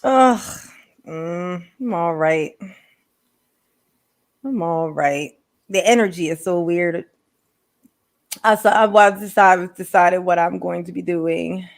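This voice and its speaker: A woman's voice: lowish voice, takes it slowly, vocal fry, pauses often. A woman live streamer, chatting casually with viewers, rambling and laughing often.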